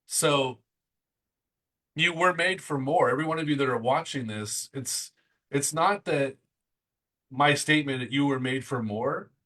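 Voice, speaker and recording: A middle-aged man hosts a motivational interview with a bright, forceful tone. He talks in excitable bursts and keeps the energy high. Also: poor audio. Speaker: interview host. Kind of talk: enthusiastic motivational chat.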